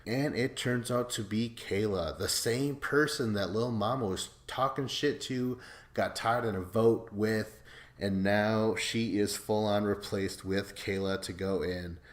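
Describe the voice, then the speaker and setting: A man hosting a podcast, casually recapping a reality show episode in a profane, rambling way, acting out quotes in quick put-on voices. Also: lowish voice, roomy sound. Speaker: podcast host.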